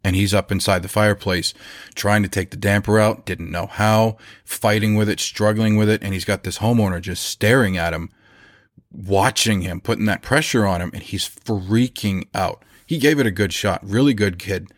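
Low-voiced man telling a business story. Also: normal speed, no echo, studio quality. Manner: relaxed, anecdotal, acts out quoted lines. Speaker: chimney service business owner. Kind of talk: conversational storytelling about running a business.

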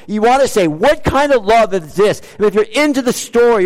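A male pastor preaching a sermon, full of rhetorical questions, with sudden rises and drops in pitch and loudness. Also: a little fast, hardly any pauses. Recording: long hall reverb.

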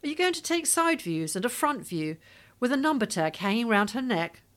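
A woman reading the lines of a curious, excited young boy asking questions. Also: a little high, normal speed, pitched above the performer's own voice.

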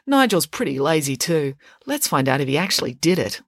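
A woman's voice: low-pitched, sing-song, a little fast, dry recording, clean studio sound, exaggerated voice. A woman voicing a clever, precise schoolgirl detective who reasons step by step. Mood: deductive. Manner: crisp, logical, deducing step by step.

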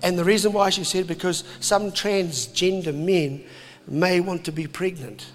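New man, preaching, animated, high voice, long hall reverb. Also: a little slow, soft background music. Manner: animated, jokey, puts on voices. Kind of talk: impassioned sermon to a crowd.

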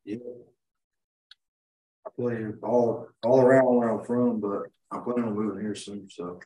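A young man, a country singer guest, giving relaxed, brief answers in a casual chat. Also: fairly low pitch, unhurried, echoey room, slight background noise, rough recording.

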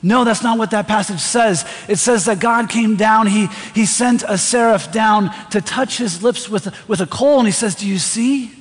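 A man's voice: sits high, moderate pace, hardly any pauses. A man preaching a sermon in a church, talking conversationally and often putting questions to the congregation. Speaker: pastor. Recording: reverberant hall.

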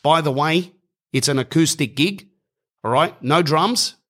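A man playing a gruff, blunt male pub gig organizer, his voice pushed higher than his own as he brushes off an eager caller. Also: unhurried, fairly bright tone. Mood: firm. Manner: curt, impatient, brushes off.

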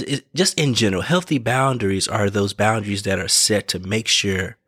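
A man's voice: on the low side, fairly bright tone, slightly rough, no echo, studio quality. A man giving casual motivational advice in an earnest way, repeating his points, correcting himself and checking in with the listener. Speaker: vlogger giving life advice.

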